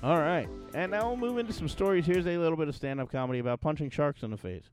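A man co-hosting a podcast, quick with jokes, whose voice rises and falls a lot. Faint music sits behind him. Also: a little high, expressive. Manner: joking, quick comebacks. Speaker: podcast co-host. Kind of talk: casual chat.

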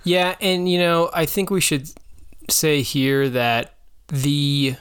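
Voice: mid-range voice, level tone, takes it slowly, clean tone. A podcast co-host in casual chat, thinking aloud and often repeating words while forming a point.

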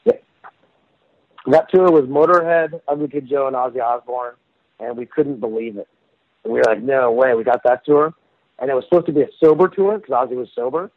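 A man who sings in a rock band rambles through stories as a guest in a casual phone interview, often using fillers and starting over. His voice is medium in pitch and fairly quick. The phone line sounds dry and tinny, with no room sound.

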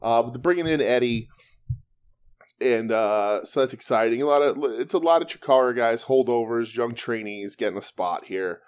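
A man's voice: medium pitch, expressive, moderate pace, smooth. A man in his forties, a podcast co-host, tells a rambling story in casual chat and laughs often.

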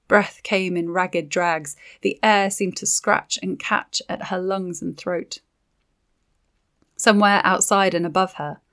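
A woman reading dark fantasy narration for an audiobook in a steady, dramatic manner. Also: mid-range voice.

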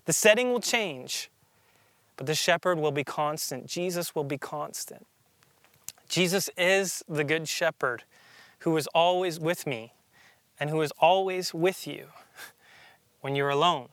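A man preaching a sermon as a pastor, earnest and emphatic, slowing down to stress key phrases. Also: a little high, a bit bright, clear, resonant tone, no echo.

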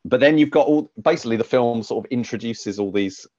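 A man's voice: mid-range voice, fairly quick, warm tone, no room sound, muffled recording. A British man co-hosting a podcast, chatting casually about films in a rambling way, with lots of fillers and restarts. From United Kingdom. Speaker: podcast co-host. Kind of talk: casual film review chat.

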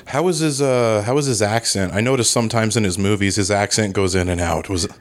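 A man's voice: on the low side, a little fast. A man, a stand-up comedian, chatting as a guest on a comedy podcast in a dry, laid-back way.

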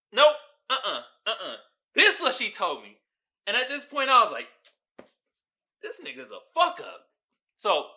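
A male podcast host talks in loose, profane solo commentary. His voice jumps around a lot in pitch and has a very bright, forceful edge. He laughs often as he goes.

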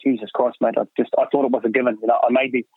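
This middle-aged man's husky, medium-pitched voice barely moves in pitch, and he talks rapid-fire. He's a hunting guide guesting on a podcast, rambling casually with loads of fillers and plenty of "mate," heard on a dry, tinny phone line with no room sound.

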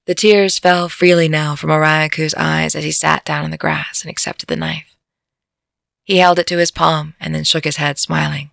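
A woman narrating a fantasy story as an audiobook, with a gravelly voice. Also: sits low, steady tone, normal speed, fairly bright tone, dry recording, clean studio sound. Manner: breaks into laughter at her own jokes.

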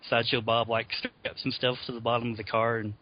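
A man's voice: medium pitch, little pitch movement, a little fast. A man co-hosting a podcast, chatting casually and laughing as he retells favorite scenes. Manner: laughs often while recounting scenes. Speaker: podcast co-host. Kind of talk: casual chat. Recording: dull lo-fi audio.

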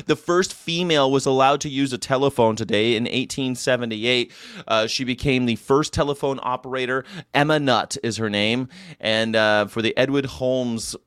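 A man's voice: mid-range voice, fairly bright tone, smooth, no room sound, clean studio sound. A man hosting a casual daily chat show, rambling through history notes with jokey asides and side remarks to viewers. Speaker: host.

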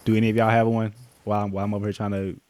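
A man's voice: fairly low pitch, flat delivery, rapid-fire, darkish tone. A man hosting a casual group chat, laid-back and slangy, laughing often.

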